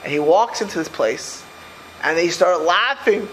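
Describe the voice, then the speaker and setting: A middle-aged man gives an informal religious talk and tells stories with lots of energy. His voice sits high and swings widely in pitch. Faint background noise hangs under the recording. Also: measured pace. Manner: animated storytelling, quoting Hebrew verses and translating them. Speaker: religious teacher.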